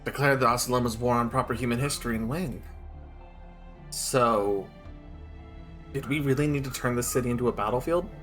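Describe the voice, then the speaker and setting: A man's voice: mid-range voice, fairly bright tone, faint music behind, natural voice. Man reading as a hesitant loyal brother. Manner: hesitant, halting line reading. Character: uneasy loyal younger brother. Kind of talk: reading game dialogue aloud.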